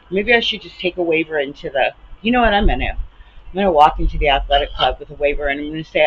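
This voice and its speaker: A woman in her late fifties venting to her camera in a casual, animated rant, swearing and laughing often. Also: fairly low pitch, fairly quick. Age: 50s. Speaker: vlogger. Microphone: camera mic. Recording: slightly muffled with faint background hiss.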